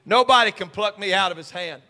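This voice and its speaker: A man preaching a sermon as pastor at a midweek church service, moving between quiet stretches and shouted, sing-song preaching cadence. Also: high-pitched, a little fast, long reverb tail. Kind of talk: pentecostal-style preaching sermon.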